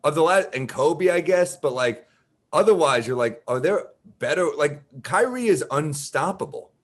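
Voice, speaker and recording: A man co-hosts a sports podcast, cutting in with wry, joking asides. His pitch sits slightly high and swings widely as he talks. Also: lively intonation, normal speed. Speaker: podcast co-host. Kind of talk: casual sports podcast banter.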